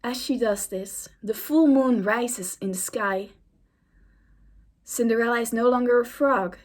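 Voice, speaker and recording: A woman's voice: fairly high pitch, unhurried. Casual young woman narrating a story. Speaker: YouTuber. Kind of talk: reading an AI-written story aloud.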